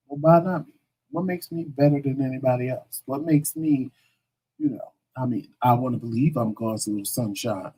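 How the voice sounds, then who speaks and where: A man on a talk show telling his own story in a casual, animated way, acting out the voices of the people he quotes. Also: fairly high pitch, moderate pace, poor audio.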